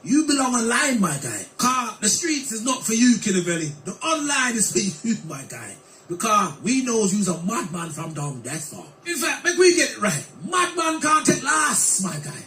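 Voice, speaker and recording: A man giving mocking, animated commentary, taunting and laughing at his target. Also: very high-pitched, moderate pace. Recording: echoey, distant, with music behind.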